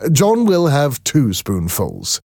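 A man's voice: mid-range voice, huge pitch swings, slow, dry recording, clean studio sound, pitched above the performer's own voice, exaggerated voice. A man voicing a kind, encouraging doctor who speaks reassuringly. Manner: warm, reassuring. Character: kind, encouraging male doctor, middle-aged.

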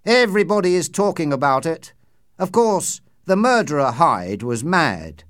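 A man doing an eager, high-pitched clerk. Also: big pitch swings, unhurried, a bit bright, no room sound, clean studio sound. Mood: polite. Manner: polite, deferential, keen. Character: eager, polite male head clerk. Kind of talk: audiobook character reading.

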